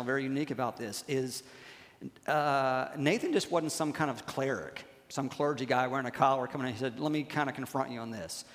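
Conversational pastor preaching in a reverberant church hall. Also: male voice, mid-range voice. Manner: conversational, punctuates with "okay?", slows down to stress key lines. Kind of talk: sermon.

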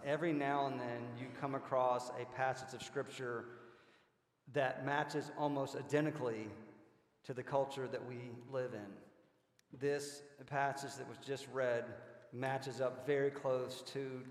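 Conversational pastor in an echoey church. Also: male voice, mid-range voice, steady tone, measured pace. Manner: conversational, with restarts. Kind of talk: sermon. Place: church sanctuary.

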